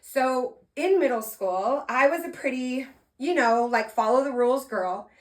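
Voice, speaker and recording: A woman hosts a podcast and tells it like a motivational talk, lively and playful. Her voice sits a little high, and she jumps from loud emphasis to soft, earnest asides. She asks her listeners questions directly. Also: a little slow. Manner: talks to listeners directly, asking them to respond. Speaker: podcast host and motivational speaker. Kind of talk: energetic motivational storytelling.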